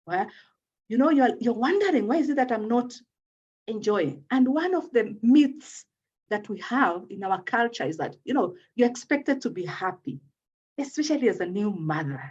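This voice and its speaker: A woman's voice: fairly high pitch, big pitch swings, moderate pace, a little mellow, slightly rough. A woman speaking as a guest in an interview, explaining at length, often checking in with "okay?" and repeating words as she gathers her thoughts. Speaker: guest speaking on postpartum depression. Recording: dull lo-fi audio.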